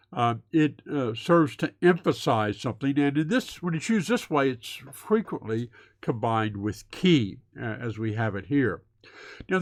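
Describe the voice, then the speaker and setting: Guy lecturing slowly step by step, lots of ups and downs in his voice, dry close sound. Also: mid-range voice, dry recording. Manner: methodical, explains step by step with fillers. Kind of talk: recorded lecture.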